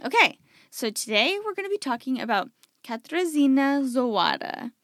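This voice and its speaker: A woman's voice: high-pitched, very animated, normal speed, a bit bright, no room sound, clean studio sound. A young woman hosting a casual true-crime chat, talking loosely and acting out the people in her story. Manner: chatty, acts out people in quotes, lots of "like". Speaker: podcast host.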